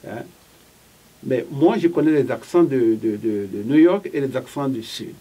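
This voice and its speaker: A man's voice: medium pitch, expressive, moderate pace, mellow, breathy edge. A man interpreting in an interview, relaying questions between the others with hesitant fillers and repeated words. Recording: voice picked up from a distance.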